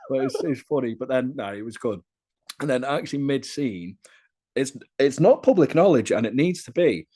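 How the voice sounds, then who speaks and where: A young man talking casually as a podcast guest, telling stories in a lively, chatty way. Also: medium pitch, normal speed. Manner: lively, chatty storyteller, often laughing. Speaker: interviewee.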